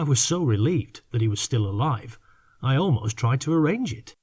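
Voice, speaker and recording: A man narrating a fiction audiobook in measured, unhurried reading. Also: mid-range voice, lively intonation, a little mellow, slightly rough. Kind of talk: scripted narration.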